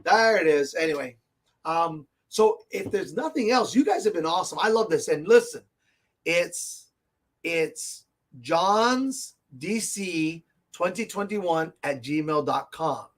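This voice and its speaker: A man hosting a casual live tabletop gaming show from a comic and game shop, talking in a rambling, excitable way and laughing often. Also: on the high side, slow pace. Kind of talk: casual live stream chat.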